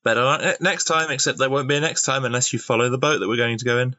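A man's voice: mid-range voice, very fast, no echo, close to an everyday voice. A man voicing a blunt, literal golem adventurer who calls people meatbags, on a slightly muffled mic. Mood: cheery. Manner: flat, literal, cheerfully blunt.

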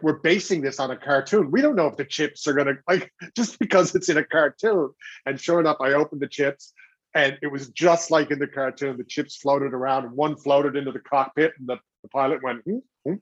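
A middle-aged man with a husky, slightly breathy voice, spinning animated anecdotes and acting out quotes. The sound is dry and a little dull, as if recorded with a modest mic in a deadened room. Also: medium pitch, no echo. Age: 40s or older. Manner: animated storyteller acting out quotes, quick restarts. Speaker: guest, television host. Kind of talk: anecdotal interview talk.

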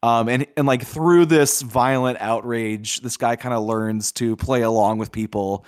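A man's voice: medium pitch, steady tone, measured pace, smooth, dry recording, studio quality. A man co-hosting a podcast, reviewing films in a loose, chatty way with lots of filler words. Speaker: podcast co-host. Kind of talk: casual film review chat.

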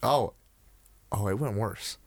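The podcast co-host, a young man, has a lowish voice with vocal fry and speaks slowly, with no echo. He chats casually and rambles, restarting often, using lots of fillers and swearing freely.

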